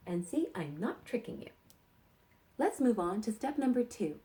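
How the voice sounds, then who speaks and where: Slow, lively-voiced woman teaching small children. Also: mid-range voice. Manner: slow, sing-song and encouraging, talking to small children. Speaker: kindergarten teacher. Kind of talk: teaching sight words to young children.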